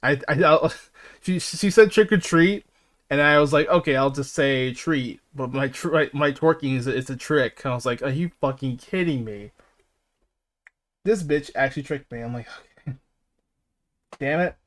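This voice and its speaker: A man's voice: mid-range voice, normal speed, pauses often, fairly bright tone. Rambling, laughing male streamer. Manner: rambling, laughing, profane, many restarts. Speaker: podcast host and streamer. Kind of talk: casual stream chat.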